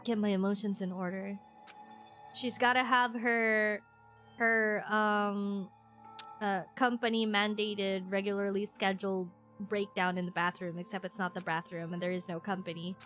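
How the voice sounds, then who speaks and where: Bright, rambling young woman streamer. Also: medium pitch, flat delivery, moderate pace, faint music behind. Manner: rambling and self-deprecating, with frequent restarts and giggles. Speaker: VTuber streamer. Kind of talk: casual chat while streaming a game.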